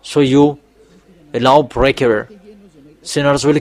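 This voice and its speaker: A man's voice: mid-range voice, steady tone, slow, long pauses. A male preacher giving a sermon in non-native English, emphatic and repetitive, with sudden raised bursts. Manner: speaks English as a second language, with non-native grammar.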